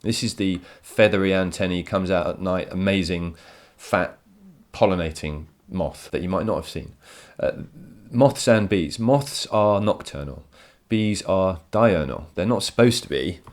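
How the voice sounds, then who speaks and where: A man's voice: low voice, measured pace, few pauses. A male teacher giving a recorded poetry lesson from home, enthusiastic and explanatory, often repeating words as he thinks.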